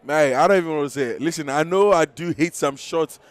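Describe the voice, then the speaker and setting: A man commentating live on a futsal match, excitable, laughing often and losing his voice. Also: on the high side, fairly quick, dry recording. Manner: excitable, shouting at big moments, laughing often.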